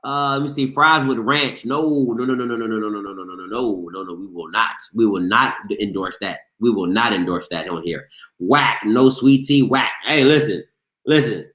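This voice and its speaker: A man from Maryland hosts a sports show, reading the chat and bantering with viewers in an animated, playful, argumentative way during a casual live stream. His voice sits lowish and moves at a normal speed, with a roomy sound.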